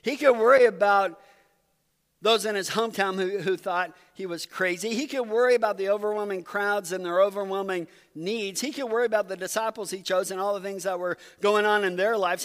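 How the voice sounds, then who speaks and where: A man's voice: sits high, fairly quick. A man preaching a sermon as pastor, telling the story in a conversational, earnest way. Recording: long reverb from a hall.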